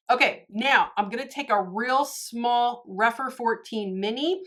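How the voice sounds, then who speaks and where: A woman chatting her way through a makeup tutorial, gushing and talking straight to her viewers. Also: mid-range voice. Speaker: beauty vlogger. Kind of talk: casual makeup tutorial chat.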